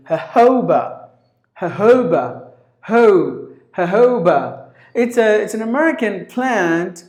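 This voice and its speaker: Slow guy teaching how to say words, repeats them over and over, echoey room. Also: high-pitched, darkish tone. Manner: repeats each word several times, drawn out. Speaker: English pronunciation teacher. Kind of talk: pronunciation lesson. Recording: roomy echo.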